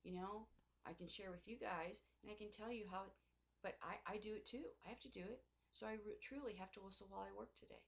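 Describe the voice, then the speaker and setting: A woman's voice: medium pitch, fast talker, vocal fry. A middle-aged woman talking in a personal faith vlog, rambling and emotional, with many restarts and asides. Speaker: Christian vlogger.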